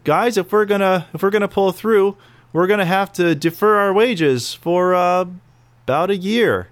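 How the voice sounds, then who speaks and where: A man chatting as a guest in a casual interview, excitable and playfully teasing, recorded dry on a handheld recorder mic. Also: sits high, normal speed. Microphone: handheld recorder mic, remote call.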